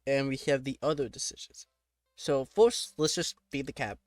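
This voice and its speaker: A young man reading a text adventure aloud, breaking off into quick, joking asides. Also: medium pitch, dry recording, studio quality. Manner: reads narration then reacts in quick, joking asides. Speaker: gamer.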